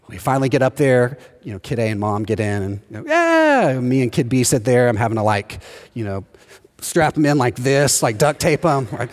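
A man preaching a sermon as pastor, telling stories with animated delivery and acting out the voices of the people in them. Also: medium pitch, brisk. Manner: animated storytelling, acts out quoted voices. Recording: long hall reverb.

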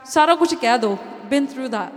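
Earnest high-voiced woman in a hall. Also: lively intonation, moderate pace. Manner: earnest and heartfelt, slips Punjabi phrases into English. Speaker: speaker at a Sikh community event. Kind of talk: inspirational talk to a congregation. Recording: long hall reverb.

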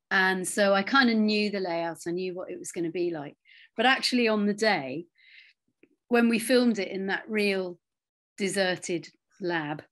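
A middle-aged woman, an actress, telling anecdotes in a relaxed interview, with quiet asides and lively storytelling. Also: lowish voice.

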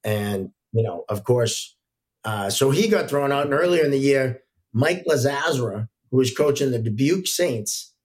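A middle-aged man, a hockey referee, telling relaxed stories as a podcast guest, with frequent fillers. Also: medium pitch, normal speed. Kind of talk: casual podcast storytelling.

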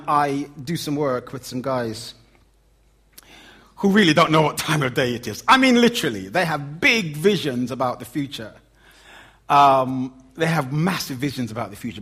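Animated preacher, lively pitch. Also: male voice, slightly rough. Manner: animated, swinging from loud emphatic lines to low quiet asides. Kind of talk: sermon.

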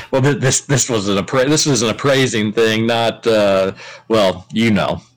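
A man's voice: fairly low pitch, unhurried, poor audio. A man hosting a sports radio show, chatting casually and teasing his co-hosts.

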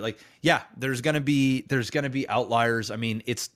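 A man's voice: medium pitch, moderate pace, few pauses, a bit bright. A man co-hosting a podcast, talking casually in a hesitant, stammering way with swearing. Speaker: podcast co-host. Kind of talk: casual chat.

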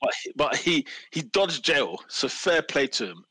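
Young guy laughing thru football chat, kinda high, bouncy voice. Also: sing-song, measured pace, husky, poor audio. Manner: laughs often, loud and teasing. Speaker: podcast co-host. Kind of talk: casual football banter.

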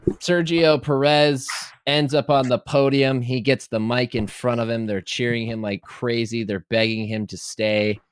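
A man's voice: medium pitch, no room sound, clean studio sound. A man co-hosting a sports podcast in a casual, jokey chat, laughing often and slipping into silly voices. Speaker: podcast co-host.

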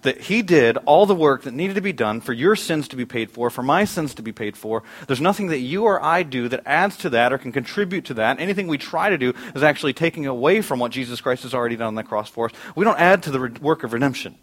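A middle-aged pastor preaching a conversational sermon in a church auditorium, asking the congregation questions. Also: male voice, mid-range voice, animated, fast, hardly any pauses.

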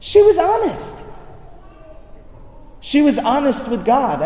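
A man preaching a sermon in a lively, conversational way, often checking in with his listeners. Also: extremely high pitch. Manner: animated, conversational, asks listeners "right?". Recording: echoey hall, speaker far from mic.

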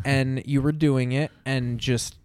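A man's voice: medium pitch, little pitch movement, slow, a little mellow, clear, resonant tone, dry recording. Guy telling a funny story, stops and restarts, dry close mic. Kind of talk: casual chat.

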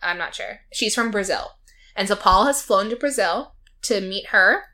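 A woman's voice: medium pitch, animated, normal speed, bright, forceful tone. A woman in casual chat, animatedly retelling a reality show to a friend, quoting its people and laughing often. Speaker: podcast co-host recapping a reality show.

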